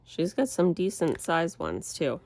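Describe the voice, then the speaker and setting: A low-pitched woman talks in a slow, unhurried way as she chats while crafting. A cold leaves her voice stuffy and nasal. She rambles and restarts her sentences in a relaxed manner. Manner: rambling, relaxed, self-correcting. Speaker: crafting channel host. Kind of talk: casual chat while crafting.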